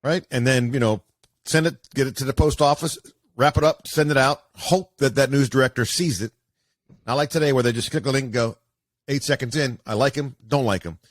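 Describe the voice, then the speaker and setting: A man, a sportscaster, telling stories casually as an interview guest in an animated way with many fillers. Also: mid-range voice, a little fast, no room sound. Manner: animated, acts out quoted voices, many fillers.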